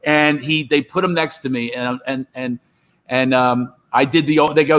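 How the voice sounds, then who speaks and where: A middle-aged man telling comedy stories on a video call, animated and slipping into impressions. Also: medium pitch, normal speed. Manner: animated, jumps into character voices. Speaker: comedian guest. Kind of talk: storytelling with impressions.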